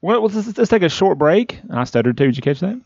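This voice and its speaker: A man's voice: sits high, big pitch swings, quick pace, vocal fry, darkish tone, slightly rough, no echo. A man hosting a podcast in casual chat, eager and stumbling over his words. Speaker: podcast host. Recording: dry, dull lo-fi sound.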